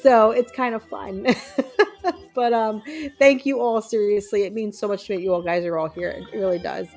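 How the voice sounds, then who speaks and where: A woman's voice: mid-range voice, steady tone, moderate pace, a little mellow, soft background music, poor audio. A woman streamer chatting casually with her viewers while playing a video game, upbeat and full of ums. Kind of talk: casual chat while gaming.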